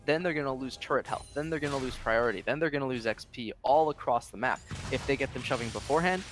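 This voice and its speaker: A man's voice: medium pitch, fast talker, a bit bright, faint music behind. A man giving color commentary on an esports match, explaining the play and tagging points with "right?". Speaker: esports analyst.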